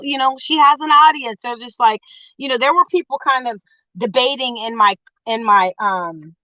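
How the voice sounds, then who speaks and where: A woman with a slightly high voice chats casually on a live stream, greeting viewers by name and trading gossipy opinions. She sounds a little winded. The sound is dull and lo-fi, with a close, dry feel. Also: a bit bright, no room sound. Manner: chatty, greets chat viewers, gossipy commentary. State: winded, out of breath. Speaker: vlogger reacting to online drama. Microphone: phone.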